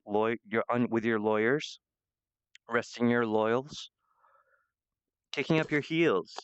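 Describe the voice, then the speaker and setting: A man's voice: medium pitch, smooth, no room sound, lo-fi sound. A man giving a meandering spiritual monologue, full of fillers and restarts.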